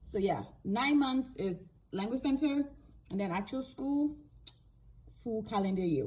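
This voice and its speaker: A woman's voice: mid-range voice, sing-song, normal speed, darkish tone, rough recording. A woman from Nigeria who works as an English teacher, giving frank, direct advice to camera in a casual vlog.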